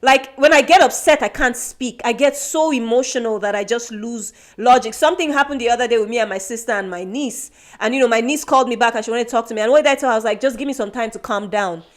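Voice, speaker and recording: Fairly high-pitched and fast, this woman's voice barely pauses. Born in Nigeria, she co-hosts a podcast, where she's earnest and self-reflective in casual conversation, often restarting her thoughts.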